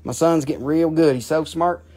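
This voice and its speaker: A man's voice: fairly high pitch, fairly even intonation, normal speed, warm tone. Folksy Appalachian man selling rocks. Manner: rambling, joking, folksy with hoots. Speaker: host of a live mineral sale. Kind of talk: casual live-stream sales patter.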